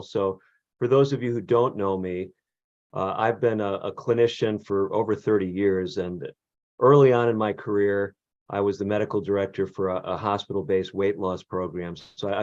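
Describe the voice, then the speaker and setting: A middle-aged man, a physician, hosts a live online health workshop in a relaxed way, often pausing on "uh". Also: on the low side, dry recording. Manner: relaxed, loose delivery with frequent "uh" fillers. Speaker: physician and program host. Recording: dull, lo-fi, dry sound.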